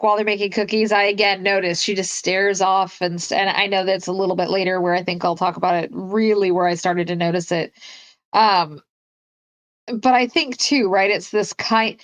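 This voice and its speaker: A woman co-hosting a casual film discussion, animated and acting out the characters' lines as she retells scenes. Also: normal speed. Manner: animated, acts out quotes in a higher voice. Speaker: podcast co-host.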